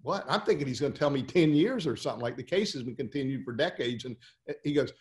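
A man coaching lawyers in a webinar talk, telling stories and firing off rhetorical questions in an animated way. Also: medium pitch, fast, roomy sound.

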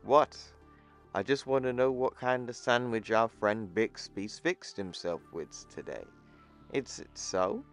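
A man's voice: mid-range voice, expressive, unhurried, faint music behind. A man voicing a mocking male farm worker who bullies a coworker, close to his own speaking voice. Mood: taunting.

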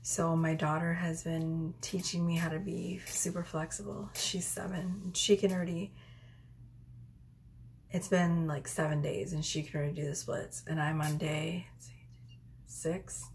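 A woman in her thirties giving a casual tarot reading at home, chatty and rambling, with soft whispered asides. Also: low-pitched, little pitch movement, measured pace, a little hiss or hum. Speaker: tarot reader. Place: home room.

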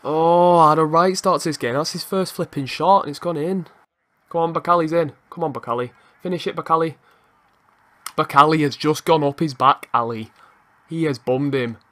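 Young guy yelling at his football game, kinda high voice, swears a lot, super excitable. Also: brisk. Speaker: gaming channel host. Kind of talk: live gameplay commentary.

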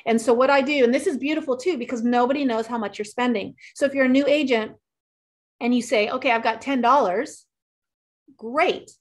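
A woman's voice: a little high, fairly quick. A middle-aged woman, a real estate agent, talking casually and upbeat as a guest, giving marketing tips and acting out what clients say. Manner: chatty and upbeat, acts out client quotes.

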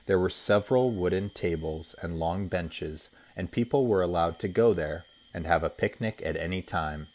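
A man, a teacher, reading a children's story aloud with expressive storytelling. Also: low-pitched, normal speed, hardly any pauses.

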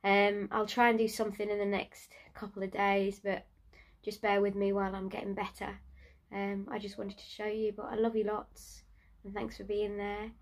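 Woman, home vlogger, ill and exhausted, nasal, monotone, halting delivery. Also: medium pitch. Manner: tired, breathy and halting, trailing off. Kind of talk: casual video diary. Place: in bed at home.

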